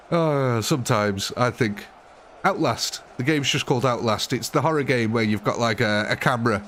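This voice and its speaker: A man's voice: medium pitch, moderate pace, fairly bright tone, a little hiss or hum. A British man streaming a game live, chatting casually and jokingly with his viewers. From Britain. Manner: joking, chatty, answers chat by name.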